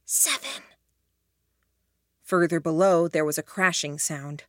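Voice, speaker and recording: A woman narrating an audiobook in a hushed, even reading voice. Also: lowish voice, unhurried, dry recording, studio quality. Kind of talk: scripted narration.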